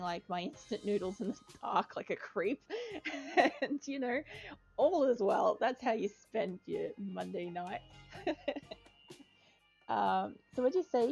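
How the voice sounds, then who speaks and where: A woman's voice: on the low side, creaky, a little mellow. A young woman giving casual gameplay commentary as a streamer, rambling chattily, swearing and scolding her game characters.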